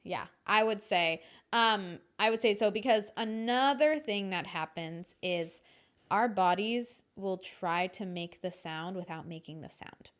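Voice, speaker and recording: A woman's voice: mid-range voice, a little slow. A woman vocal coach talking casually in a podcast conversation, explaining voice technique and singing short demonstrations.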